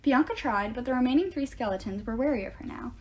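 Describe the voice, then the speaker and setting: A woman reading a novel aloud in steady first-person storytelling. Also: on the high side, fast talker. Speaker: audiobook reader.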